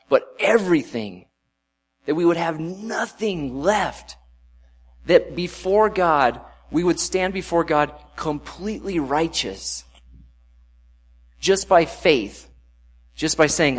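A man delivers a relaxed sermon at a middle pitch. He reads scripture aloud and then breaks into loose, conversational commentary, talking to his listeners as if they were friends. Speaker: preacher. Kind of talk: casual sermon reading scripture.

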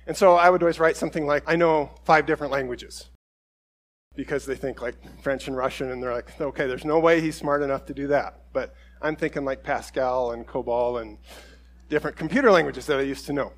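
A man's voice: medium pitch, fairly even intonation, a little fast. A man preaching a conversational sermon, telling stories with quoted voices and self-deprecating humor. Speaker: pastor.

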